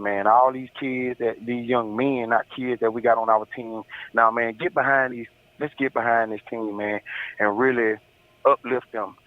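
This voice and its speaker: A man calling in to a talk show, folksy and drawling, always saying "boy" and "man". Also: mid-range voice. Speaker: caller. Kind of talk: casual call-in chat. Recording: dull lo-fi phone-in line.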